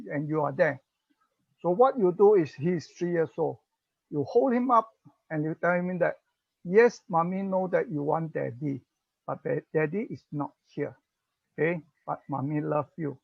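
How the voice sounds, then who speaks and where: A speaker with a Singaporean English accent giving a parenting talk, explaining slowly, chuckling and acting out parent-child dialogue. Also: medium pitch, no room sound. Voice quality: slow explaining, mixes in Chinese phrases. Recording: dull, muffled recording.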